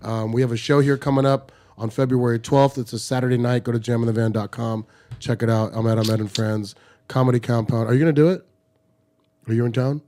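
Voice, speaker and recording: A man's voice: mid-range voice, steady tone, fairly quick, mellow. Playful man hosting a comedy podcast. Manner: playful, wraps up with plugs. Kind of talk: casual podcast chat.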